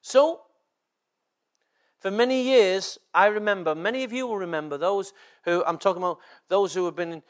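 A man's voice: high voice, moderate pace. A man from England preaching a sermon as a pastor, often checking in with the congregation through short rhetorical questions.

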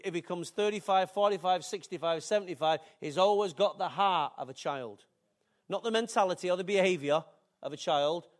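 An older man, preaching a sermon in a chatty, joking way with asides to the congregation. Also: high-pitched. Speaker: pastor.

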